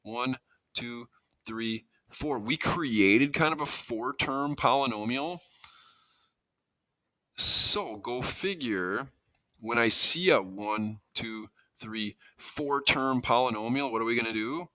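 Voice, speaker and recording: Bright-voiced male math teacher. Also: mid-range voice, slow, no room sound. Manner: conversational, thinking aloud with self-corrections and asides. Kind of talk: classroom lesson walkthrough.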